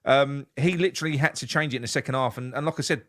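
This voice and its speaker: A man talks quickly and restlessly about the match. He repeats words as he gathers his thoughts and swears freely. He speaks in a middle-pitched voice. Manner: animated, swearing, repeats himself. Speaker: fan co-host. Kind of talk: casual football reaction chat.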